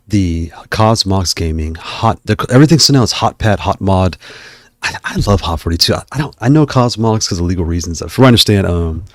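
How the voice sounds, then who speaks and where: A man's voice: sits low, no echo. A man hosting a casual livestream, out of breath and chatting in a rambling way while he browses. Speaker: livestream host.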